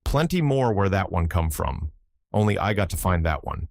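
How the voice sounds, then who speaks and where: A man's voice: low-pitched, sing-song, moderate pace, creaky, a little mellow, no echo, exaggerated voice. Man doing Luster, drawling Southern teen boy. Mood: wheedling. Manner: drawling Southern dialect, wheedling. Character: sly teenage boy, Black Southern servant.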